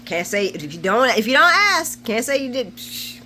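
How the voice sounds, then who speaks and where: Bright-voiced woman in her forties chatting. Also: on the high side, very animated, normal speed, slight background noise. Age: 40s. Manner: chatty and colloquial, laughs often, retells scenes with feeling. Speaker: soap opera recap host. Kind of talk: casual chat, episode recap.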